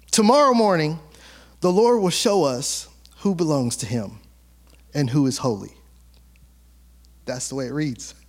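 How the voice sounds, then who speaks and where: Lively high-voiced pastor preaching casually. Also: male voice, takes it slowly, long pauses. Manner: conversational, playful, acts out quotes, laughs often. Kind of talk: sermon.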